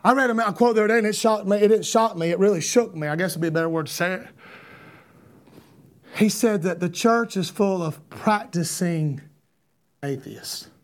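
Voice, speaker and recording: A man preaching an impassioned sermon, repeating rhetorical questions and building to shouts. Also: high-pitched, moderate pace.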